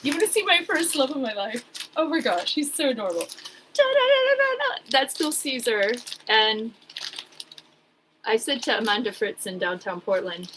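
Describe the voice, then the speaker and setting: A woman's voice: a little high, animated, normal speed, noisy background. Chatty woman sorting old papers. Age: 40s. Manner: rambling, chatty, wry asides. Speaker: vlogger. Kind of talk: casual chat while sorting old papers.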